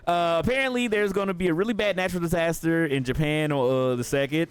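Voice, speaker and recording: A man's voice: a little high, fast talker, hardly any pauses, clear, resonant tone. A man streaming a game live, rambling in profane, casual commentary and laughing often.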